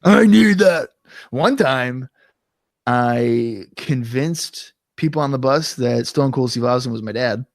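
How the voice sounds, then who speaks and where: A man's voice: medium pitch, slow pace, no echo, studio quality. A young man co-hosting a podcast, telling stories in a rambling, swearing way and acting out quotes from his past. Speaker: podcast co-host. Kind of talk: casual storytelling chat.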